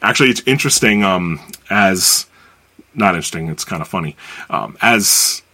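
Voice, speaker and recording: American male pastor, lowish voice, earnest conversational sermon delivery. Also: expressive, moderate pace, sharp tone. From United States.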